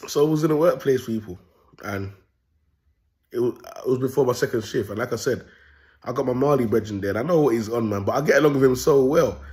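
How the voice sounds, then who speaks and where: A young man talking straight to his audience in an animated, streetwise way. He tells his story as a loose spoken monologue at a middle pitch, with slang throughout and repeated checks that he is being followed. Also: fairly quick. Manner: streetwise slang, animated, often asks "you get me". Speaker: self-styled prophet vlogger.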